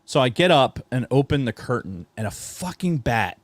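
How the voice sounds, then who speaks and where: A man co-hosting a podcast, telling a profane, animated story with shouted sound effects. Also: medium pitch, normal speed, no echo. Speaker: podcast co-host. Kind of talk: casual chat.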